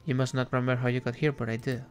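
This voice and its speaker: A man voicing a crude male devil on a train, low and gravelly, talking slowly. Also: little pitch movement, faint music behind, lightly acted. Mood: drawling. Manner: slow, crude, drawling.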